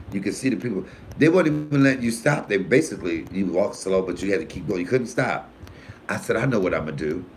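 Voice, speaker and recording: Animated, swearing comedian telling stories. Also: male voice, lowish voice, slight background noise. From Detroit, USA. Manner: animated, profane, swings between loud and hushed. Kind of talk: casual live-stream storytelling.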